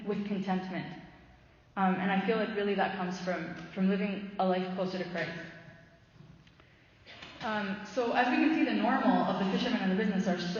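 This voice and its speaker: Chatty woman in an echoey hall. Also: mid-range voice. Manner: chatty, loose, many "like" fillers and restarts. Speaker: faith talk speaker. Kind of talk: casual faith talk with storytelling. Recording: echoey hall, muffled sound.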